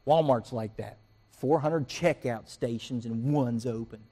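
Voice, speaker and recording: A man's voice: medium pitch, measured pace, husky. A man preaching a sermon as pastor, telling everyday stories and acting out the people in them. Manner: animated storytelling, acts out quoted voices and rants.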